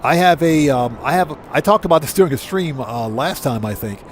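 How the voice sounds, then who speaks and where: A man's voice: fairly high pitch, animated, brisk, slight background noise. Rambling middle-aged male game streamer. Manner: rambling, self-correcting, reads chat aloud. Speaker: livestream host. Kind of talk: casual livestream chat while gaming.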